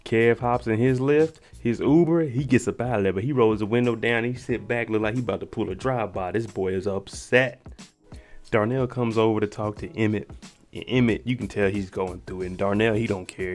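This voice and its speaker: A man hosting his channel, giving an animated, slangy, casual recap of a TV episode and laughing often. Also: lowish voice, a little fast, faint music behind.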